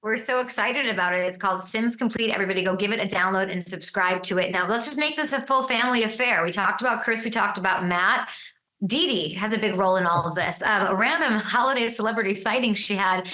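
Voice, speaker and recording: Bright, upbeat woman hosting a sports show. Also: medium pitch, reverberant. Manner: upbeat, quick, teasing. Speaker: sports talk show host. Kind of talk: enthusiastic sports talk interview.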